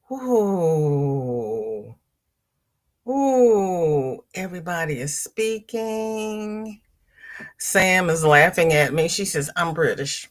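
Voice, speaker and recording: A woman hosts a casual livestream from home, reading out viewers' comments and chatting back to each one. She talks slowly, taking her time. Her voice sits a little on the low side. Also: lively intonation. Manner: chatty, reads viewer comments aloud and answers them. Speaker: livestream host.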